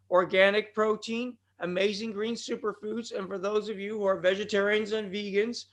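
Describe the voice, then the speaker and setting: Male podcast host, high-pitched voice, rambling and digressive, bursts of shouting, scratchy throat. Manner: digressive, with sudden loud outbursts. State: throat bothering him. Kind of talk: rambling solo podcast talk.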